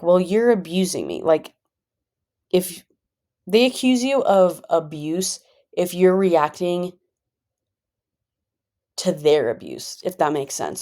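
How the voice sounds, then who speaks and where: Low-voiced woman, rambling chat. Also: darkish tone. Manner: rambling, filler-heavy, conversational; calls herself a pretty chill person. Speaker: vlogger. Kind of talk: casual personal monologue.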